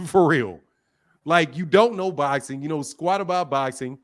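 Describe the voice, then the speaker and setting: In a heated live-stream argument, a middle-aged boxing host at his home desk taunts a caller, laughing often and leaning into his computer microphone. His voice is fairly high and his pace a little slow.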